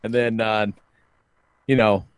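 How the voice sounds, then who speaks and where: A man's voice: lowish voice, little pitch movement, slow, clean tone, no echo. A man hosting a podcast, telling a story in casual chat, swearing freely and laughing often. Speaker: podcast host.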